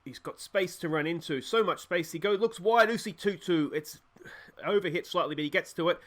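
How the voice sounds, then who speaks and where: Excitable high-voiced male game commentator. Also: moderate pace, a little hiss or hum. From Australia. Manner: cheers and shouts at goals, chatty and joking. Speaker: gaming YouTuber. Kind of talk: excited let's-play commentary.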